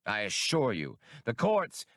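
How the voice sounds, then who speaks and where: A prim, indignant alien, as a male reader puts him on, talking in a fussy, dignified way with pitch that climbs high. Read dry and close for an audiobook. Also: huge pitch swings, unhurried, fairly bright tone, no echo. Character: prim, dignified male alien legal type, easily outraged.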